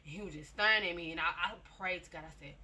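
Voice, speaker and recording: A woman races along in a fairly low-pitched voice with a sharp tone. Her casual personal testimony is chatty storytelling that repeats itself, with frequent direct remarks to listeners.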